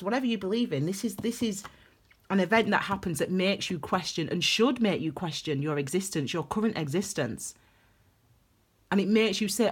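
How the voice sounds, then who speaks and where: A woman's voice: medium pitch, breathy edge. A woman giving a casual tarot reading, chatty and rambling, laughing often. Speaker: tarot reader.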